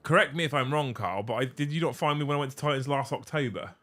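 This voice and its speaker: A man's voice: mid-range voice, quick pace, a bit bright, faint music behind. A man hosting a casual livestream, laid-back and swearing freely as he reads out viewer messages. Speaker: livestream host.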